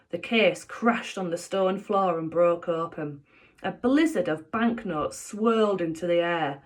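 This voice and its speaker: A woman teacher reading a children's book aloud in an expressive storytelling manner. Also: mid-range voice.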